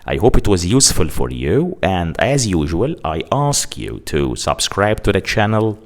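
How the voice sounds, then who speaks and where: A man teaching an English grammar lesson, saying example phrases slowly and deliberately and repeating his points. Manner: lively rise and fall in pitch when explaining.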